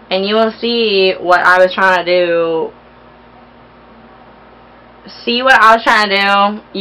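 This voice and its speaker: A woman's voice: medium pitch, fairly bright tone, rough recording. A young woman chatting casually through a makeup tutorial, bubbly and gushing as she works. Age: young adult. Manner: bubbly, gushing, talks while applying makeup. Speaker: beauty vlogger.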